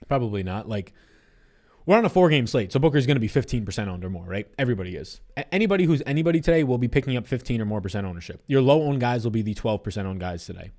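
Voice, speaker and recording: A young man hosting a sports betting livestream, chatting loosely, reading viewer comments aloud and answering them. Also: medium pitch. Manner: fast, animated, loose and profane.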